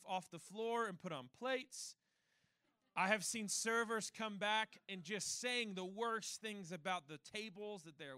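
High, bright-voiced young preacher. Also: male voice, dry recording. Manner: conversational, self-deprecating storytelling. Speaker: pastor. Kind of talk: sermon.

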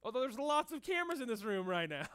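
A male pastor preaching a sermon in a lively, conversational, joking manner, in a room with an audience. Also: very high-pitched, fast, clean tone. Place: room with cameras and a listening crowd.

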